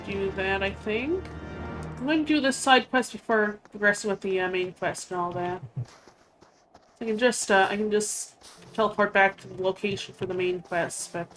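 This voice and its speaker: A woman streaming a game, talking quietly to herself with fillers and self-corrections. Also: medium pitch, normal speed. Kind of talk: casual gameplay commentary. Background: faint game music.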